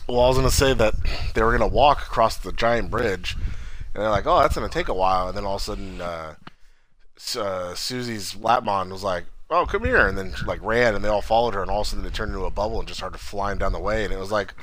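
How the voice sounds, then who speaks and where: A man's voice: lowish voice, fairly even intonation, quick pace, fairly bright tone, rough recording. A man co-hosting a podcast, chatting casually with a friend, rambling and swearing freely as he retells scenes. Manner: profane, rambling, laughs often. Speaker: podcast co-host.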